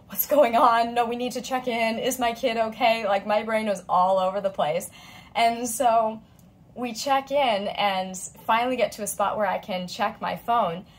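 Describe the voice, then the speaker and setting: Chatty, expressive woman vlogger. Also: medium pitch, rough recording. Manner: chatty and expressive, voicing quoted friends. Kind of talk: casual chat to camera.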